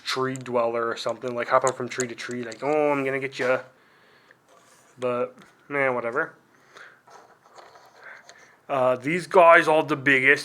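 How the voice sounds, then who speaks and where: A young man hosting a casual unboxing video in a middle-pitched, everyday voice. He rambles, fills gaps with "like", and makes fun of himself as he goes. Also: a bit bright, slight background noise. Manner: rambling and self-deprecating, full of "like" and trailing asides. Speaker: video host.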